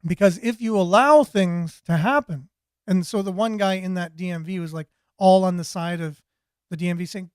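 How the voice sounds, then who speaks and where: Male host, higher voice, dry close sound, rambling and repeating himself while reading viewer comments. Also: moderate pace, clean tone, dry recording. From Canada. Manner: rambling, repeats words and restarts. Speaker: talk show host.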